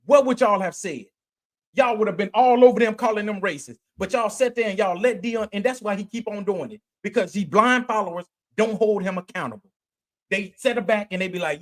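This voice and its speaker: Male podcast host, high-pitched, heated sports rant, blunt slang, rhetorical questions. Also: expressive, normal speed. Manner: repeats and restarts phrases while ranting.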